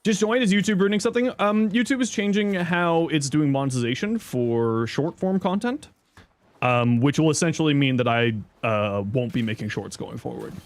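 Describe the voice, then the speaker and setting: A man's voice: animated, normal speed, no echo. Guy chatting on his stream, voice jumps all over the place, talks to chat, says thanks for subs. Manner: reads chat aloud, thanks subscribers, thinks out loud; squeaky high-pitched outbursts of surprise. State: chewing an apple. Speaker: livestreamer. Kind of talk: casual livestream chat.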